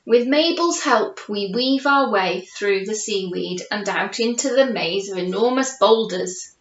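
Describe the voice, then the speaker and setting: Reading a picture book to young children at home, a woman teacher keeps a measured pace with hardly any pauses, her voice medium in pitch amid slight background noise. She stays lively and playful, quizzing the little ones, in a home with a conservatory captured in a roomy, dull recording.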